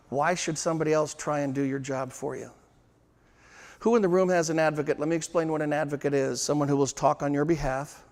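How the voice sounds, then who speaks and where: A man giving a sales training seminar to a live room, emphatic and slowing down to drive home his points. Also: a little high, darkish tone. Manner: emphatic, slows down to stress points. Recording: long hall reverb.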